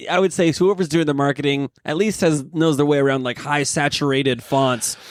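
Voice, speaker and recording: A man's voice: fairly high pitch, fairly even intonation, normal speed, no echo. A man co-hosting a comedy podcast, chatting casually and riffing with his guest. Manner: chatty, riffs on the guest's stories. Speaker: podcast co-host.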